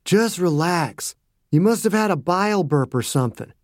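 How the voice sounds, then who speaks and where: A man's voice: high-pitched, lively intonation, moderate pace, no room sound, clean studio sound. A man voicing a sleepy, easygoing father who speaks drowsily and soothingly. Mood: drowsy.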